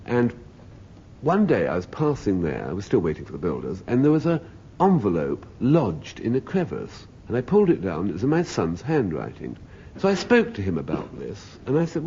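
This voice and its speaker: A man's voice: lowish voice, huge pitch swings, normal speed, mellow. A middle-aged man telling a wry, droll comic anecdote as a panelist on a radio panel show. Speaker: comedy panelist. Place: radio studio with audience. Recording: dull 1970s radio broadcast with faint hiss.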